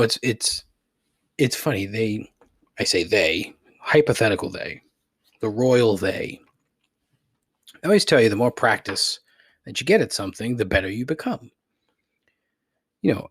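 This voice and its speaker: On his solo podcast, a man with a medium-pitched, breathy-edged voice vents his frustration, cursing heavily and chuckling self-deprecatingly at his own expense. The sound is clean studio audio with no echo.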